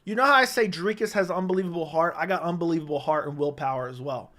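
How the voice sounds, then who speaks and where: A man's voice: fairly high pitch, fast talker, fairly bright tone. A young man hosting a casual livestream, telling stories animatedly with frequent swearing and "right?" asides. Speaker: livestream host.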